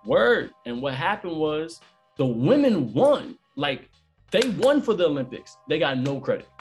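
Animated man telling stories, slangy. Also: fairly high pitch, faint music behind. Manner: animated storyteller, fast slangy talk. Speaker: event host and comedian. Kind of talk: casual podcast chat.

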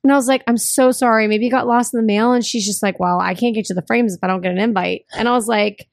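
A woman's voice: on the high side, steady tone, fast talker, creaky, no room sound, clean studio sound. A young woman chatting casually as a podcast co-host, telling stories and acting out what other people said. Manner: chatty storyteller who acts out quoted dialogue. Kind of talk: casual chat.

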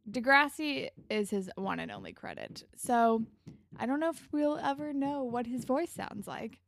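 Woman, podcast co-host, gravelly creaky tone, dry close sound, casual chatty recap, laughs and swears. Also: on the high side, normal speed, no echo. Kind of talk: casual chat.

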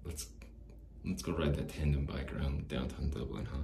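Guy doing a coy flirty lady rocker, teasing and playful, way low and deep, in an echoey room. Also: steady tone, normal speed, gravelly, warm tone, a little hiss or hum. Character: flirty adult woman rock singer, teasing.

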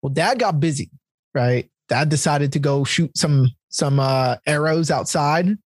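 Casting: podcast host in his thirties, slightly high husky voice, open and emotional, dry close sound. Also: measured pace, no room sound. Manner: candid, emotional storytelling. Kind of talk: casual conversation.

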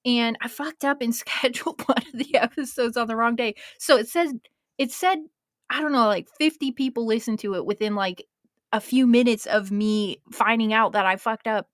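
A woman's voice: on the high side, normal speed, no echo, clean studio sound. A woman in her twenties hosting a podcast, chatting casually and emotionally and swearing now and then. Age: 20s. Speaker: podcast host.

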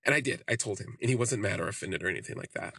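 A man with a gravelly, husky, lowish voice tells a candid personal story for his podcast. He rambles, leaning on "like" as he goes, and the sound is dry and close. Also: animated, racing, sharp tone, no echo. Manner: rambling, with frequent "like" fillers. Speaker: podcast host.

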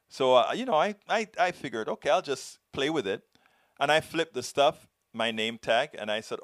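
A man with a foreign accent hosting a show, telling a story in earnest, halting commentary. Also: medium pitch, fairly bright tone, no echo, studio quality. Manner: earnest, halting, many restarts. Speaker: show host answering viewer questions.

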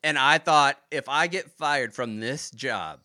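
A man's voice: mid-range voice, slow, dry recording, studio quality. A former Marine man telling stories from his service in a casual interview, cursing freely and acting out quoted dialogue. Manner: profane, animated retelling with quoted dialogue. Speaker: podcast guest, former Marine.

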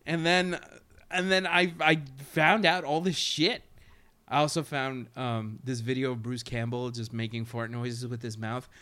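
A man co-hosting a casual chat, joking fast and crude and laughing often. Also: medium pitch, steady tone, bright, forceful tone. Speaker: podcast co-host.

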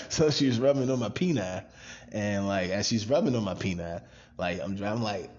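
A man from Maryland telling a wild personal story on a podcast, animated and profane, laughing often. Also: on the low side, moderate pace, muffled recording. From Maryland, USA. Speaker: podcast cast member. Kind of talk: casual storytelling.

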